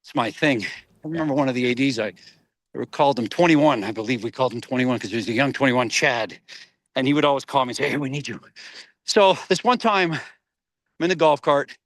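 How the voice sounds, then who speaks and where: A middle-aged man, an actor guest in a casual interview, telling animated stories, laughing often and acting out voices. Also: mid-range voice, a little fast, dry recording.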